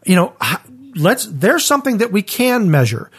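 A man in a conversational Bible discussion, speaking in a thoughtful, measured way. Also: high-pitched, very animated, husky.

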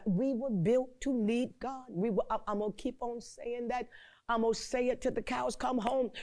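A woman's voice: fairly high pitch, darkish tone. A woman preacher delivering a fervent sermon, stretching out key words, repeating herself with stammered restarts and breaking into prayerful exclamations. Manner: fervent, repetitive, stammering restarts, call-and-response; slow drawn-out emphasis and prayerful exclamations.

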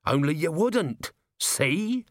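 A worn-out police commander with a wry, sardonic edge, as a man reads him aloud. He speaks at an even, middling pitch in a close, dry recording, like a storybook scene read at the desk. There is a hard, impatient snap under the humour. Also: normal speed, dry recording. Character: gruff weary male police commander.

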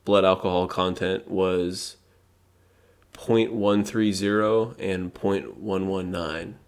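A man's voice: low-pitched, fairly even intonation, slow. A man co-hosting a comedy podcast, teasing his partner dryly and reading out news details. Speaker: podcast co-host. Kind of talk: casual comedic chat.

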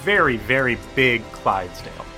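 A man playing a tabletop game, wisecracking with a lively, swooping voice. Music plays clearly behind him. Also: medium pitch, normal speed. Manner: playful, wisecracking. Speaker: player. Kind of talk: casual chat at a tabletop game.

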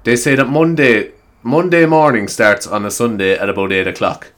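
A man's voice: medium pitch, fairly even intonation, normal speed, fairly bright tone. A man with an Irish accent hosting his solo podcast, chatting casually in a rambling, self-mocking way with frequent swearing. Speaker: podcast host. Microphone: new microphone.

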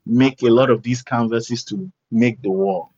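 A man's voice: mid-range voice, unhurried, breathy edge, no echo. A man, a guest artist, telling a story casually and acting out the people in it. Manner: animated, acts out quoted voices. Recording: dull lo-fi recording.

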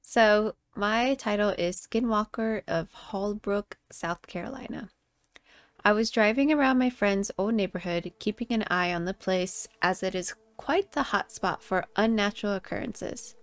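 A young woman co-hosting a casual chat, animated and laughing, swearing freely and reading a scary story aloud. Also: medium pitch, a little slow, no echo.

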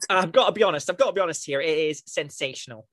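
A man from England hosts a laid-back podcast, his voice bright and edged, rising and falling with lots of animation. He chats and jokes freely, teasing himself as he goes. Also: a little high, animated, fast talker. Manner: chatty, jokey, self-deprecating. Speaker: podcast host. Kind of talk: casual podcast interview.

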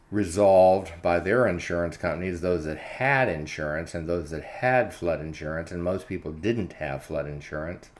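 A man hosting his own channel, telling a story in a chatty, unscripted monologue full of fillers and "I said" retellings. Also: low-pitched. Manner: chatty, frequent filler words, retells dialogue with "I said". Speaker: commentary channel host.

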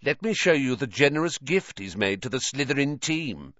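A man's voice: medium pitch, very animated, normal speed, fairly bright tone, dry recording, pitched above the performer's own voice. A man voicing a large, cunning teenage rival captain who speaks in a smug, taunting way. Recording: dull lo-fi dry recording.

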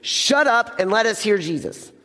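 A man acting out an irritated crowd scolding a beggar to be quiet, in a reverberant hall. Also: high voice, expressive, moderate pace, exaggerated voice. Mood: scornful. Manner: scornful, scolding.

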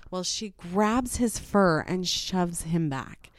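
A woman's voice: lowish voice, lively intonation, takes it slowly, dry recording. A woman tells the story of her day as a mother of four with wry exasperation. Her voice rises and falls a lot, and the recording is close and dry. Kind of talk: personal storytelling narration.

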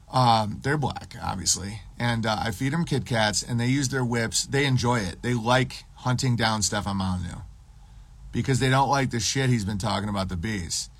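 A man streaming, ranting in a profane, sarcastic way with deadpan absurd riffs. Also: medium pitch, normal speed.

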